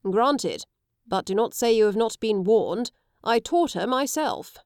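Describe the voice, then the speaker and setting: Woman reading a brisk, commanding old admiral. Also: fairly high pitch, lively intonation, a little mellow, no echo, clean studio sound. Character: older father and sword teacher, brisk.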